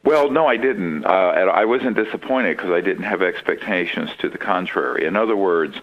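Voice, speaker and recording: A man being interviewed, telling stories in a lively way, acting out the people he quotes and laughing often. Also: low-pitched, fairly quick. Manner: animated, acts out quoted voices, laughs often. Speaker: interview guest. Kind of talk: conversational storytelling. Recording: dull lo-fi audio.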